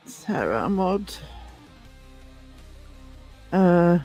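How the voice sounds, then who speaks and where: A man with a somewhat high-pitched voice chats loosely through a livestream, restarting sentences and greeting viewers along the way. His talk wanders from one thought to the next in an easy, conversational way. Faint music plays in the background. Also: a little slow, long pauses. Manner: rambling, chatty, self-interrupting. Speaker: livestream host.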